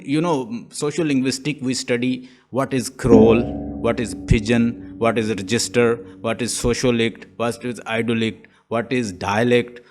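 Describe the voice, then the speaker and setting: Guy teaching online, explains and repeats himself a lot, ordinary pitch. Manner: explanatory, repeats and restarts phrases. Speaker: English teacher. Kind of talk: online lecture.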